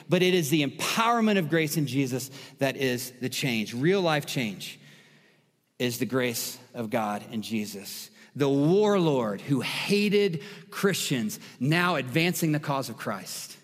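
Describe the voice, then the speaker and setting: A man's voice: on the high side, long reverb tail. A man preaching a sermon as pastor, emphatic and repetitive, building intensity through lists of words.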